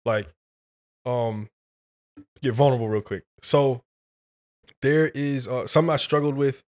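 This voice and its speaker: A man, a guest on a podcast, telling a personal story in an animated, slangy, casual way. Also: medium pitch, measured pace. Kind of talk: casual conversation.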